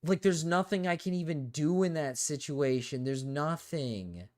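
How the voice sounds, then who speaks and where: Brief: exasperated male streamer, unhurried drawl, clean smooth tone, heavy swearing. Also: fairly high pitch, darkish tone. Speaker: streamer reacting to a video while gaming. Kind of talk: casual live-stream chatter.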